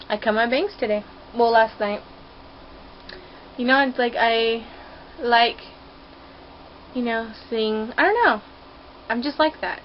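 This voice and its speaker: A woman's voice: fairly high pitch, lo-fi sound, a little hiss or hum. Quirky woman vlogging from her room. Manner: quirky, rambling, playful and emotional. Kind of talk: casual heartfelt talk to camera. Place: her own rented room.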